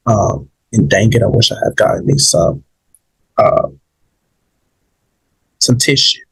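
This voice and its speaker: Man, podcast host, slow halting delivery, husky voice, lowish pitch, emotional, holding back tears. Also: animated, a bit bright, rough recording. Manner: halting, rambling, full of fillers and restarts. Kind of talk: emotional solo podcast monologue.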